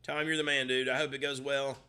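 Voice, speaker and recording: A man co-hosting a live stream in laid-back, rambling chat that often trails off quietly. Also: mid-range voice, flat delivery, brisk, smooth. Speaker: co-host of a guitar shop live stream. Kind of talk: casual chat.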